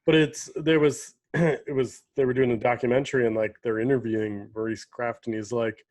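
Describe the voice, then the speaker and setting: A man's voice: mid-range voice, level tone, moderate pace, a little mellow, dry recording. A man co-hosting a casual podcast, joking and trailing off mid-thought. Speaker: podcast co-host. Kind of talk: casual chat.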